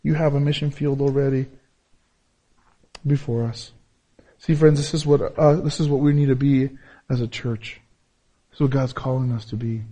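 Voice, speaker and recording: He preaches as a pastor with fairly even intonation and normal speed, pausing often. Key phrases come back again and again, and his volume shifts from loud, emphatic peaks down to low, gentle passages.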